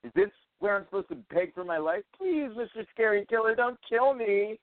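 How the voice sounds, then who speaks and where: A man's voice: mid-range voice, wildly swooping pitch, moderate pace, vocal fry, no echo, exaggerated voice. A man putting on the voice of a spoiled teenage girl in a horror scene, melodramatic and mocking. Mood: mock panic. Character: shrill spoiled teen girl horror victim. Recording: dry tinny phone-like sound.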